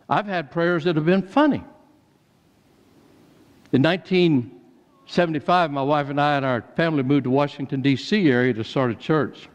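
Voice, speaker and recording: An older man preaching a sermon, telling personal stories in a folksy way and becoming animated when he quotes others. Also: a little high. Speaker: pastor. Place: church sanctuary. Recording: dull church recording with long reverb.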